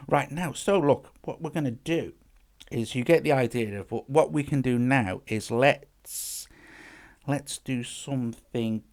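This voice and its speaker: A man's voice: mid-range voice, measured pace, darkish tone. A man hosting a casual music app demo, chatting and thinking aloud as he works, often restarting his phrases. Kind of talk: casual tutorial talk-through.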